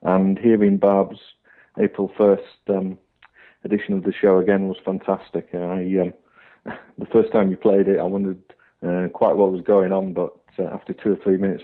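A deep-voiced man leaves a voicemail for a podcast, hesitating and saying um a lot. He speaks in a flat, even tone. His voice comes through a narrow, phone-like line. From Hull, Northern England. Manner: hesitant, lots of ums. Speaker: caller.

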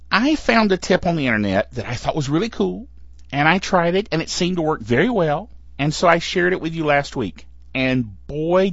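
A man's voice: a little high, no room sound. A man hosting a casual tech podcast, chatty and playful, laughing between phrases. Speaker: podcast host. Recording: dull, lo-fi and dry.

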